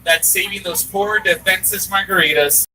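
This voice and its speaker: A man leading a theme park tram tour, joking and getting excited as he narrates. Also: high voice, moderate pace, recorded from a distance, slight background noise, rough recording. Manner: playful, jokey, excitable.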